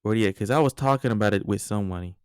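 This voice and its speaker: Casting note: young male podcaster, smooth clear voice, dry close sound, slangy and animated. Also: on the low side, rapid-fire, dry recording. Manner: animated, slangy storytelling with frequent asides. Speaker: podcast host. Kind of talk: casual podcast monologue.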